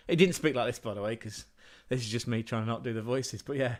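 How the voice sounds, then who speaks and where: A man's voice: medium pitch, animated, fast, hardly any pauses. An English man chats loosely on his livestream, rambling through stories and swearing freely. He talks in a middle register, plain and conversational. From England. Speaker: livestream host. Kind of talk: casual livestream storytelling.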